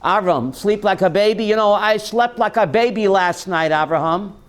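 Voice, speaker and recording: Rabbi, male, high-pitched, teasing class with jokes and questions. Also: normal speed, smooth. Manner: joking, calls on students by name, asks the class questions.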